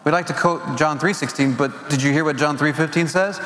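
A man's voice: on the high side, a little fast, fairly bright tone. A man giving an earnest camp sermon, stumbling and repeating words as he goes. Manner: earnest, repeats words while searching for them. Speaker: camp speaker. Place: large hall at a family camp. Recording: roomy hall with long reverb.

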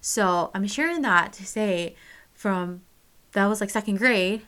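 A woman's voice: medium pitch, measured pace, a bit bright, clean tone. A young woman telling a personal story straight to camera, candid and casual, swearing freely and full of fillers. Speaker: vlogger.

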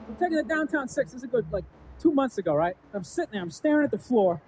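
Fast rambling man doing stand-up stories. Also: extremely high pitch, sing-song, heavy background noise. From American suburbs. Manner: rambling, fast, full of "you know what I mean". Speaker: stand-up comedian. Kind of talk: stand-up storytelling. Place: comedy stage with a live audience.

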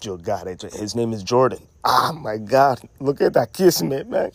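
A man's voice: medium pitch, very animated, normal speed, husky, no echo. A man co-hosting a podcast, telling a story in casual, joking banter and repeating names as he goes. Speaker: podcast co-host.

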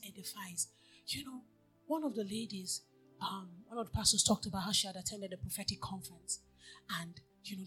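A woman preaching a sermon, telling stories and moving from hushed, near-whispered talk to loud exhortation. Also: medium pitch, slightly rough.

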